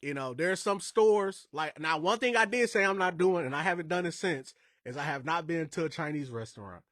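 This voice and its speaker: A man's voice: on the high side, expressive, brisk, fairly bright tone, no room sound, studio quality. A man from Indiana hosting a podcast, telling stories in a casual, emphatic way with rambling asides. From Indiana, USA. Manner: emphatic, conversational, wandering asides. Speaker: podcast host.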